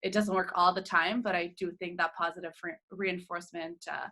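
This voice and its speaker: A French-speaking woman with a fairly low voice and a bright tone talks calmly. She is a teacher sharing classroom habits in an easygoing conversation. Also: fairly quick. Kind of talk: casual group chat.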